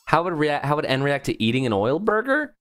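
A man's voice: fairly high pitch, big pitch swings, brisk, fairly bright tone, dry recording, soft background music. A man, a voice actor, chatting casually on a livestream in a playful, rambling way with lots of fillers. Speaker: voice actor streaming.

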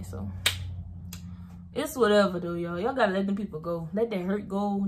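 A woman's voice: mid-range voice, normal speed, background noise. A young woman vlogger giving motivational advice straight to her viewers, emphatic and repeating her points, calling them y'all. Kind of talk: motivational vlog talk to viewers.

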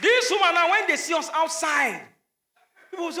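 A Nigerian man performing stand-up comedy, his voice very high and bright as he drives each joke home. He drops into Pidgin asides and hits his punchlines at full volume. The sound is echoey, with a faint hiss behind him. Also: expressive, moderate pace, a faint crowd. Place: comedy stage before a live audience. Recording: echoey venue with faint noise.

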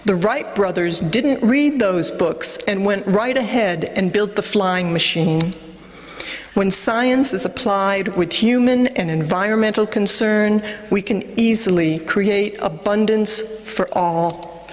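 A woman reading a scripted narration in a slow, measured way. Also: mid-range voice, in a large hall.

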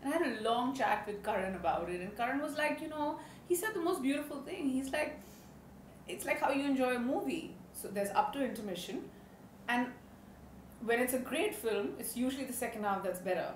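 A woman, telling chatty, animated stories as an interview guest and laughing often. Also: sits high, fairly quick. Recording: roomy studio with faint background noise.

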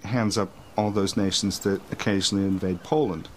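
Male writer, low voice, reflective, faint hiss. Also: steady tone, a little fast. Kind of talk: interview.

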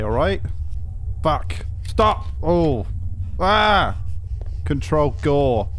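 A young man giving casual, sarcastic gameplay commentary, swearing freely and yelping when startled. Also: fairly high pitch. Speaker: gaming commentator.

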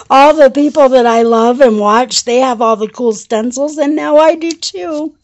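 A woman chatting through a casual craft show-and-tell vlog, gushing and excitable, laughing often and shaky with excitement. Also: a little high, normal speed, hardly any pauses. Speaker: craft vlogger.

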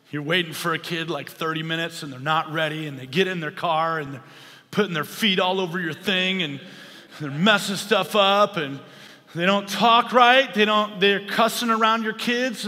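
Fired-up male preacher, bright tense tone, long reverb of a church hall. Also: high-pitched. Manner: impassioned, rising to shouts. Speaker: pastor. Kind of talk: sermon.

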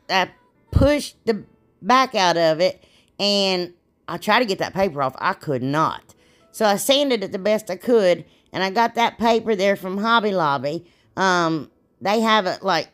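A woman, chatting casually and rambling a little as she narrates a DIY craft video. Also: medium pitch. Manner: chatty, rambling, laughs at herself.

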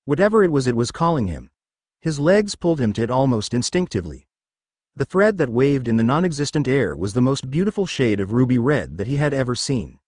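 A man narrating a fan fiction story in an expressive storytelling manner. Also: medium pitch, fairly quick, dry recording, clean studio sound.

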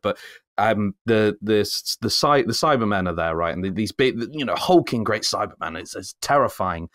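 Brief: male co-host, lower voice, dry close sound, animated rant that jumps high when excited. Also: no echo. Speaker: podcast co-host. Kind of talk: casual chat.

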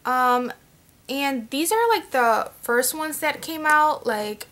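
A woman's voice: high-pitched, expressive, slow, a bit bright. A young woman chatting at home as a beauty vlogger, showing off her products in a rambling way full of fillers. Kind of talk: casual chat, showing products.

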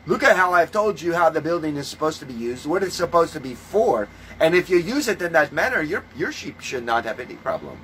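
A man's voice: a little high, fairly quick, hardly any pauses, slight background noise, rough recording. Fiery, foul-mouthed preaching man. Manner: ranting, scornful, swears a lot; shifts between calm teaching and loud outbursts. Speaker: self-styled religious preacher. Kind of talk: profane preaching monologue.

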